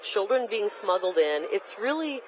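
A woman's voice: medium pitch, big pitch swings, normal speed, a little hiss or hum, rough recording. A woman running for governor, giving emphatic, combative answers in a political interview. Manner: emphatic, combative, delivers campaign talking points. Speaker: candidate for governor, interview guest.

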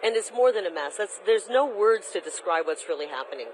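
A medium-pitched, animated, brisk woman speaks as an interview guest in her run for governor, with slight background noise and poor audio. She answers emphatically and combatively, sticking to campaign talking points.

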